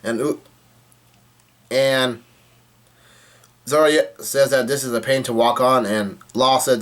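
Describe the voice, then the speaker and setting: A man talks through a comic chapter in a loose, unscripted way. He trips over words, restarts and fills gaps with "uh." His voice sits at an ordinary middle pitch. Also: fairly even intonation. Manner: halting, with many fillers and restarts. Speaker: manga reader recapping a chapter. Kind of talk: casual chapter recap.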